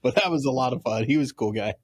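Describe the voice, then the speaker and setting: A man's voice: medium pitch, fast, husky. A man hosting a podcast, chatting casually and laughing easily. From Oklahoma or Texas. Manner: easygoing, laughs often. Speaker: podcast host. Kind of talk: casual interview chat.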